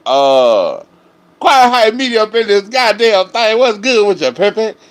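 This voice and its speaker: Guy hosting a live stream, cussing and emphatic, voice jumps all over, kinda high. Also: a little slow. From Dallas area, Texas. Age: 30s. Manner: profane, emphatic, animated ranting. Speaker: host.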